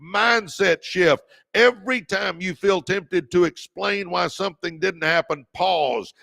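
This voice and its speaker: A man's voice: high-pitched, a little slow, creaky, pushed and bright, no room sound, clean studio sound. A middle-aged man hosting a motivational livestream, fired up, repeating key lines and thanking viewers by name. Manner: calls viewers "baby". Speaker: podcast host.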